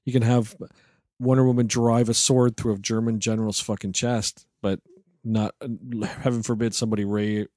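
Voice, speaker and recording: A man's voice: on the low side, little pitch movement, normal speed, darkish tone, no echo, clean studio sound. A man co-hosting a casual movie review chat, rambling and sarcastic, swearing freely as he picks apart plot holes. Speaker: podcast co-host.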